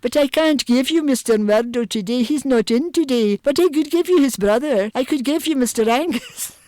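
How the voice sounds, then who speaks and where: An older Scottish woman putting on a Highland accent to play a slow, polite receptionist. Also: a little mellow, no room sound, close to an everyday voice. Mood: gentle.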